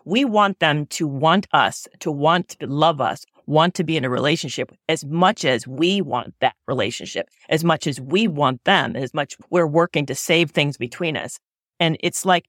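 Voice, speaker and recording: A woman's voice: low-pitched, moderate pace, fairly bright tone, no echo, studio quality. A woman in a reflective conversation, talking in an earnest, searching way and often correcting herself mid-sentence.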